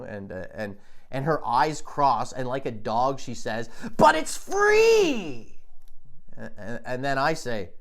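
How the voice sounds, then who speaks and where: A man hosting a comedy podcast, telling a rambling deadpan monologue in a halting, stammering way, full of restarts and "you know.". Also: medium pitch. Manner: deadpan absurd storytelling.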